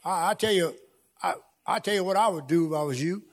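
Fiery preaching man, high-pitched. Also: a little fast. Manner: rhythmic, repetitive preaching that swells into shouting; casual folksy speech with "y'all" and "ain't". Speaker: pastor. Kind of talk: fiery sermon. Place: church sanctuary with congregation.

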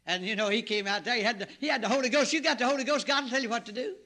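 A middle-aged man preaching a sermon, his voice pitched very high and ringing bright. He tells the story in an animated way and breaks into loud shouts and exclamations. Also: racing.

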